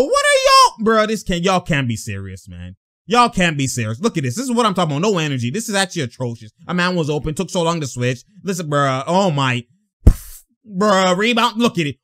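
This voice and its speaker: Man, host, sports film breakdown, exasperated, slangy, bright voice, high pitch. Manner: exasperated, slangy, frequent exclamations.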